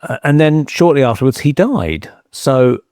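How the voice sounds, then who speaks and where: A man's voice: medium pitch, lively intonation, moderate pace, a little mellow, no echo, clean studio sound. A man co-hosting a podcast, talking in a hesitant way and repeating words as he starts his sentences. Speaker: podcast co-host. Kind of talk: casual podcast interview.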